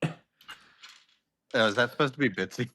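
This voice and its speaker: A live-stream gamer chatting and joking casually while playing. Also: mid-range voice. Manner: joking, quick, animated. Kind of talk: casual gaming chat.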